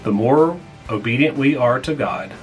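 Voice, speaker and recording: A man serving as pastor, leading a small group Bible lesson in a plainspoken way and repeating key points slowly so people can take notes. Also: medium pitch, expressive, faint music behind, rough recording. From United States.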